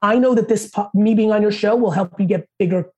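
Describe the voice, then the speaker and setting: Profane, mellow-voiced man telling hustle stories. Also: husky, dull audio. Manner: fast, profane, high-energy hustle talk. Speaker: podcast guest. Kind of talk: casual interview storytelling.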